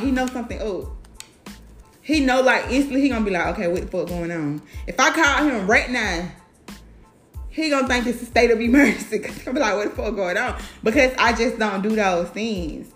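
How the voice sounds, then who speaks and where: Blunt, profane woman with a high voice. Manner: blunt, profane, animated storyteller. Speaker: mother talking to camera. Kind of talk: casual monologue. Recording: roomy sound with faint music.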